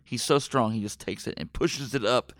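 A man's voice: medium pitch, moderate pace, no room sound, studio quality. Rambling middle-aged male podcast host. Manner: rambling, excitable retelling with many fillers and restarts. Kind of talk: casual movie podcast chat.

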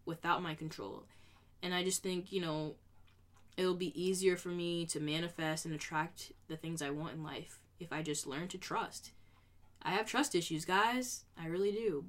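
A woman's voice: on the low side, fairly bright tone. A young adult woman vlogging in a casual, reflective way, earnest and rambling, with lots of "you know" fillers. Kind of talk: casual reflective vlog talk.

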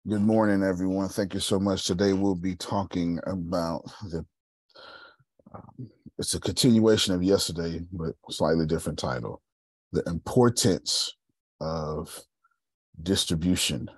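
Deep husky man preaching motivation. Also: unhurried, no echo. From Texas. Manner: preachy, emphatic storytelling. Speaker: company founder leading a group call. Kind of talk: motivational talk.

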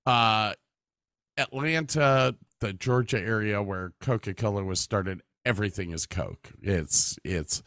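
A man's voice: fairly low pitch, slow, a bit bright, no room sound, studio quality. A man hosting a podcast, telling stories with lots of laughter and swearing, acting out the voices of the people in them. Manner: laughing storyteller, swears freely, acts out voices in anecdotes. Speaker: podcast host. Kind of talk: casual chat. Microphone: studio mic.

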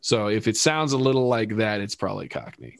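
A man with a somewhat low voice co-hosts a casual podcast, rambling through stumbles and restarts and breaking into laughter now and then. The sound is dry and close. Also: sing-song, a little fast, no room sound. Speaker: podcast co-host. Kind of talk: casual chat.

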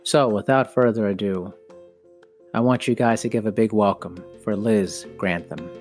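A man's voice: lowish voice, a little mellow, soft background music. A man from the United States hosting a podcast interview in a chatty, upbeat way. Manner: upbeat, chatty, with slow deliberate intro phrasing. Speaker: podcast host.

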